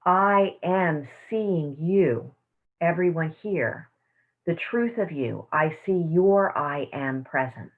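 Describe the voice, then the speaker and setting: A woman teaching a self-care class, speaking in a soft, slow, affirming way over a video call. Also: sits low, animated. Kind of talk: guided meditation and teaching. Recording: tinny phone-like audio.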